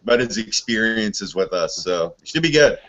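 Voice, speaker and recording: A man's voice: fairly low pitch, lively intonation, moderate pace, fairly bright tone, muffled recording. A man with a southern Ontario Canadian accent, co-hosting a podcast in a chatty, casual way.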